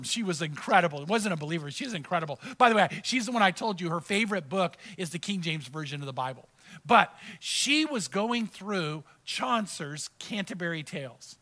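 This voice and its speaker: A man's voice: sits high, animated, brisk, sharp tone. A male pastor preaching a sermon, reading verses aloud and teaching through personal stories in a conversational way.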